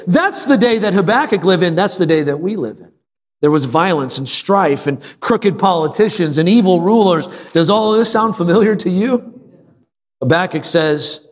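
A man's voice: fairly high pitch, normal speed. Earnest man preaching in an echoing sanctuary. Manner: earnest, emphatic preaching with repeated phrases. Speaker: pastor. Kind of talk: sermon. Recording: long reverb of a large room.

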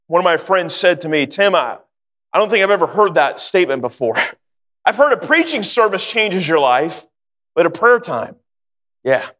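Guy preaching, high voice, earnest story then gets fired up, big hall reverb. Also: sing-song, moderate pace, fairly bright tone. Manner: earnest storytelling, rising to fervent exhortation. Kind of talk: sermon with personal story.

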